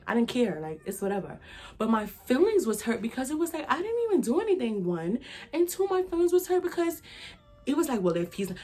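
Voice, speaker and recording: A woman's voice: mid-range voice, darkish tone. A woman speaks in a casual storytime vlog. Her comes through as she rambles loosely. Fillers and asides to her viewers come up all the way through. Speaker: vlogger.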